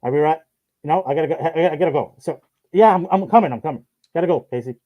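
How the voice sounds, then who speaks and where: A man's voice: mid-range voice, quick pace, dull audio, lightly acted. A man doing a brash, bragging politician. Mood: boastful. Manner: bragging, repetitive, dismissive of others. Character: boastful brash male politician, self-important.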